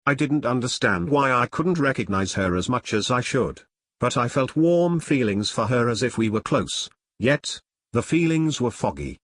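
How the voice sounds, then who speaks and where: A man narrating his own novel in the first person, reading at a measured pace. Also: medium pitch, animated, fairly bright tone. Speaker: author and narrator. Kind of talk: audiobook narration.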